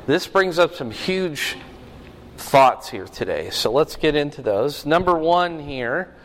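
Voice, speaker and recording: A man preaching an expository sermon, stressing key words slowly and with emphasis. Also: fairly high pitch, fairly bright tone. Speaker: pastor. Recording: long hall reverb.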